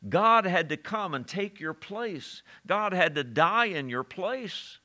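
A male pastor delivers a sermon in a bright, forceful voice. He preaches emphatically and keeps asking his listeners rhetorical questions. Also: sits high, lively intonation, slow.

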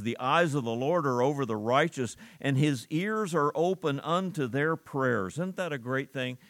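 A man's voice: mid-range voice, a bit bright, no echo. An older man preaching a sermon, talking it through in a conversational way with rhetorical questions and read-aloud scripture.

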